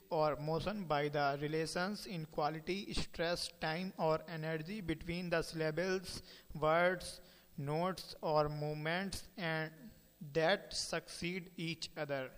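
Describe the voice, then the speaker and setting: A man teaching a lesson by slow dictation, reading points aloud and spelling words out letter by letter. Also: fairly high pitch, big-room sound, low-quality recording.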